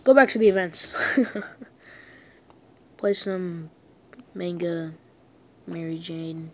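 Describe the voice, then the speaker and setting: A woman playing a video game and talking to her viewers, goofy and excitable, yelping and shouting at the game as it goes. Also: mid-range voice, slow pace, long pauses. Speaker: gaming video host. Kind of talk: let's-play commentary.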